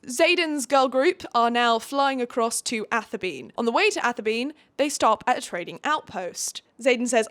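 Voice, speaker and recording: A woman's voice: on the high side, expressive, normal speed, a bit bright. A woman giving a casual, sarcastic book recap, with chatty, dramatic asides. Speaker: book reviewer.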